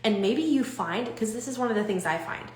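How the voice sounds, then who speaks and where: Young woman, live-stream coach, loose and animated delivery full of restarts, roomy echoey sound. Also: on the high side, brisk. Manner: animated, rambling, with frequent restarts and fillers.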